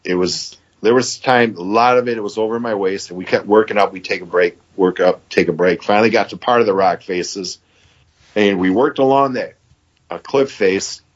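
Here the fifty-something podcast guest from Michigan speaks at a normal pace with a fairly low pitch, and the recording sounds muffled. His long story meanders in a relaxed way, and he quotes people using "he goes."

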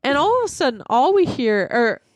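Animated profane young woman podcaster. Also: high voice, fairly quick, no room sound, clean studio sound. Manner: animated, profane, acts out quotes. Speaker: podcast co-host. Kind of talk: casual storytelling chat.

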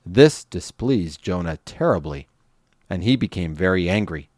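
A man with a low voice reading scripture in a measured, steady narration. The sound is close and dry, with no room around it. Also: no echo. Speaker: scripture reader.

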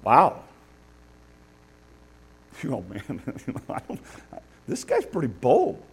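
A man preaching a sermon, animated, acting out the biblical figures he tells about with a laugh now and then. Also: mid-range voice, drawn-out words, breathy edge. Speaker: pastor.

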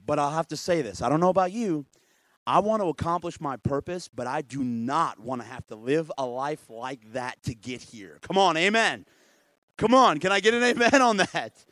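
High-voiced, lively joking preacher. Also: male voice, no echo, studio quality. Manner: animated, joking, swings between loud and hushed. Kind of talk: comedic storytelling sermon.

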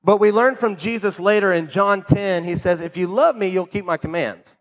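A man's voice: high-pitched, moderate pace, low-quality recording. A man preaching a sermon in a conversational way, often checking in with his listeners and repeating words as he restarts. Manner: conversational, keeps asking "right?". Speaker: pastor.

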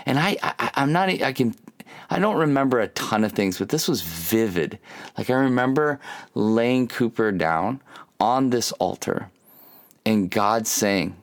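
A man's voice: medium pitch, animated, unhurried. A man giving a candid, earnest personal testimony in a devotional talk, telling his story with restarts. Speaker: speaker giving a faith talk.

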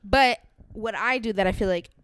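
A woman's voice: mid-range voice, normal speed, a bit bright. A woman co-hosting a podcast in casual chat, laid-back, swearing often and laughing a lot. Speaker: podcast co-host.

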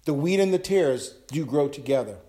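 An older man preaching an impassioned sermon as a pastor, dropping to low asides and rising to loud, high calls. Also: lively intonation, moderate pace.

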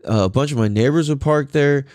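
A man's voice: medium pitch, fairly quick, darkish tone, dry recording, studio quality. A tired young man hosting his own podcast, rambling in a laid-back way with lots of swearing, fillers and laughs. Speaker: podcast host. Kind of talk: casual solo podcast monologue.

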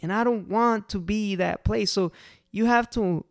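Restaurant owner coaching on customer service, gravelly voice, dry close sound, keeps repeating the main points. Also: mid-range voice, a little slow, no echo. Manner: earnest, repeats key points for emphasis. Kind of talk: casual customer-service advice talk.

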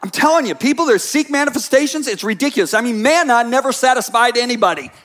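A man with a high-pitched voice delivers a sermon. He tells stories in a low, hushed way, then rises into loud, impassioned shouts. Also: lively intonation, fast talker. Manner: swings from hushed storytelling to shouted passionate bursts. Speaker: preacher. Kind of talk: sermon storytelling.

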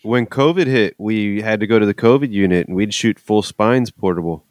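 A man co-hosting a casual podcast, chatting in a relaxed way about his work. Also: on the low side, moderate pace, no room sound, studio quality. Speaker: podcast co-host, X-ray tech.

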